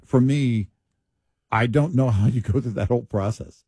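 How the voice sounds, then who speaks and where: A man from Texas co-hosting a talk radio show, chatting in a lively, joking way. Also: mid-range voice, normal speed, breathy edge, no echo, clean studio sound. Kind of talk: casual radio chat.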